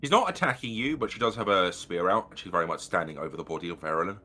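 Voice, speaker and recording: A man's voice: low-pitched, lively intonation, rapid-fire, sharp tone. A man running a tabletop game as game master, narrating scenes casually with fillers and swearing.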